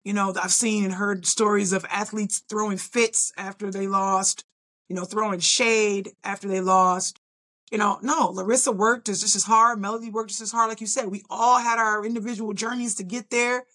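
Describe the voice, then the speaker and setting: A middle-aged woman, a bodybuilder guest on a podcast, telling her story in a casual, animated way and acting out her own reactions. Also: medium pitch, normal speed.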